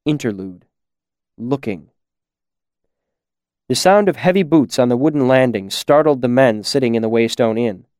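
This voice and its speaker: A man reading an audiobook in a measured storytelling manner. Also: mid-range voice, animated, darkish tone, clear, resonant tone, no room sound, studio quality. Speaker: audiobook narrator. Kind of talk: audiobook narration.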